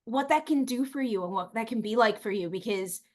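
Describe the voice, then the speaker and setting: A woman chatting casually as a podcast guest, animated and outspoken, laughing often and acting out the people she quotes. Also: fairly high pitch, a little fast. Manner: animated, outspoken, playful swearing and put-on quoted voices.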